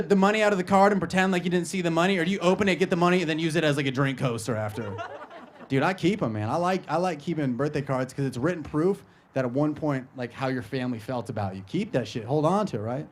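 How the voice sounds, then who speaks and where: A man's voice: fast talker, slight background noise. Brash, profane male stand-up comic. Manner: brash, profane, jumps into loud high-pitched voices for bits. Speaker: stand-up comedian. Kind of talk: stand-up comedy set. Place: live comedy show. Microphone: handheld stage microphone.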